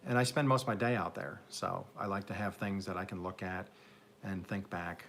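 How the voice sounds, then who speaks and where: This man's low voice carries vocal fry, a fairly bright tone, and fairly even intonation at normal speed, with slight background noise. He's a garden channel host with an upstate New York accent, broadcasting live from his Oklahoma home garden. Rambling and self-mocking, he chats casually and jokes with viewers in the chat.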